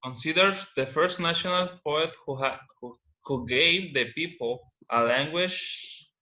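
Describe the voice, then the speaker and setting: Male student, halting slow reading, bright tense voice. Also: a little high. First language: Spanish. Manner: halting, stumbles over words.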